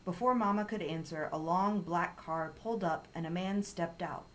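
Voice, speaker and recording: Woman reading a kids chapter book, calm and low-voiced. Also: moderate pace, hardly any pauses, a little hiss or hum, poor audio. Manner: calm, steady storytelling. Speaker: story reader.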